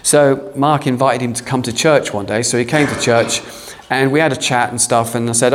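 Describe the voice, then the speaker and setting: A man preaching from the pulpit with a mid-pitched, ordinary voice. He tells his story in an animated, self-deprecating way and acts out each person's lines. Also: moderate pace, big-room sound. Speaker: pastor. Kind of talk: storytelling sermon.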